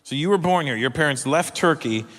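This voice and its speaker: A man's voice: a little high, animated, fairly quick. A man doing brash stand-up comedy and teasing audience members in a large live venue. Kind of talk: stand-up comedy and crowd work. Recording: live show with loud crowd laughter and noise.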